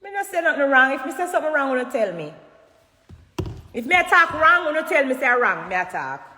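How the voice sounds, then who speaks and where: High-voiced Jamaican woman, echoey room. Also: brisk, slight background noise. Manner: emphatic, animated, bursts into loud shouting. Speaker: dancehall artist addressing fans. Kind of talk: casual livestream talk. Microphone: phone livestream. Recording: echoey room with long reverb.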